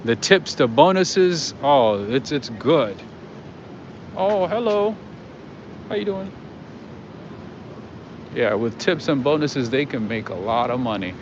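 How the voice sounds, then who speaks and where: A man's voice: mid-range voice, very animated, slow, long pauses. A man hosting a livestream walk, chatting casually and rambling to his viewers with lots of fillers while outdoors at night. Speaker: livestream host. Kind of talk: casual walking commentary to viewers. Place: outdoors on city streets at night. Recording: muffled with loud street noise.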